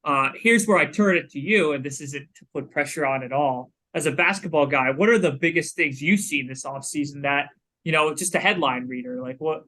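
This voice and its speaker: Bright-voiced man chatting about sports. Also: on the high side, fairly quick, rough recording. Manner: chatty, lots of "you know" fillers. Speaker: podcast co-host. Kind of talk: casual sports podcast talk.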